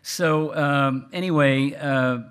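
A man from South Texas, speaking earnestly to an audience at a book event, halting and full of fillers. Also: mid-range voice, steady tone, fairly bright tone, smooth. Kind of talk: casual remarks to an audience.

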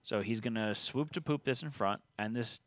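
A man's voice: mid-range voice, moderate pace, no echo, studio quality. A man hosting a tabletop game stream, reading rules aloud and teasing his co-player. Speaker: game host. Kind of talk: casual tabletop game play.

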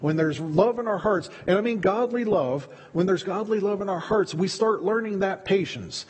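A male pastor preaches in a relaxed, conversational manner, frequently repeating words as his thoughts unfold. His slightly high voice has a husky quality and moves at a moderate pace. The long reverb of a church sanctuary surrounds every phrase.

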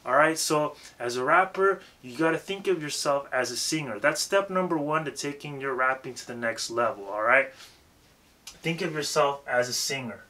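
A man's voice: mid-range voice, moderate pace, pushed and bright. A man giving a casual, emphatic lesson on rapping and stage presence, swearing freely and repeating himself for emphasis. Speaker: rap coach.

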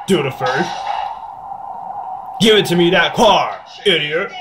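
A man giving playful gameplay commentary, excitable and yelling insults at other drivers. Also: on the high side, unhurried. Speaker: gameplay channel host. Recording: noisy background ambience.

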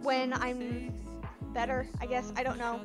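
Woman, streamer, high voice, self-talk, repeated words, frustrated outcries, loud music behind. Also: monotone. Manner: talks to herself, repeats words in rapid strings, bursts into frustrated outcries. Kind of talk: casual live-stream gameplay commentary.

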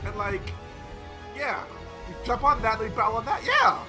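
Shouty, high-voiced gameplay commentator. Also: male voice, very animated, moderate pace. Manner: loud, profane, yelling reactions. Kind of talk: excitable let's-play commentary. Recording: game audio with music behind.

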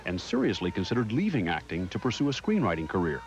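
Male news correspondent, scripted narration, polished, very lively intonation. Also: sits low, quick pace, muffled recording, soft background music. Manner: polished broadcast delivery.

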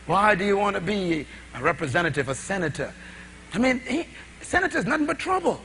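High, animated preacher man, hushed then shouting. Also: fairly quick, a little hiss or hum. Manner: dramatic, sweeping swings between shouting and hushed asides, rhetorical questions. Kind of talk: sermon.

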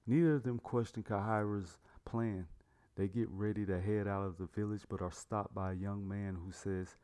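A man with a low voice reads a fantasy story aloud. His narration is plain and even, like a storybook read. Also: moderate pace, smooth. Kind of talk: storybook reading.

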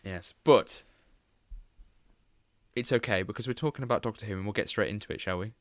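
A man's voice: on the low side, a little fast, no echo, studio quality. A British man hosting a podcast in casual chat, laughing often and restarting his sentences. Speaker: podcast host.

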